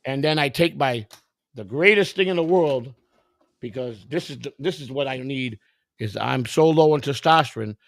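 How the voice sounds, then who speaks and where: Gravelly, profane man telling stories. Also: a little high, no room sound, clean studio sound. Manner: profane, blunt and emphatic, acts out other people's lines. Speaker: livestream host. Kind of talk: casual storytelling chat.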